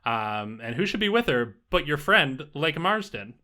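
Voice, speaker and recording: Male game master, rambling, bright voice. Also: fairly high pitch, big pitch swings, unhurried. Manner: loose, rambling narration with fillers. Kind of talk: narrating a tabletop game.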